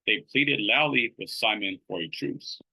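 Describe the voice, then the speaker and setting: A man's voice: on the low side, unhurried, sharp tone, slightly rough, rough recording. A man teaching a Bible study in a casual, conversational way, reading passages aloud and checking in with "right?" as he goes. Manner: conversational, many fillers and "right?" tag questions.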